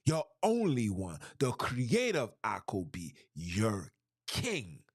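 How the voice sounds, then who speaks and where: A man preaches through scripture on his podcast. His pitch climbs and drops all the time. He repeats key lines emphatically and keeps throwing questions at his listeners. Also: wildly swooping pitch, slow pace, slightly rough. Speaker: podcast host. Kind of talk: preaching-style scripture commentary.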